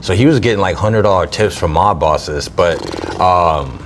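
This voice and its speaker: A man with a fairly low voice co-hosts a podcast. He talks in a relaxed, unhurried way, full of little fillers and restarts. Faint background noise runs under his voice. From Florida. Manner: relaxed, hesitant talk with many fillers. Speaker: podcast co-host. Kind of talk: casual chat.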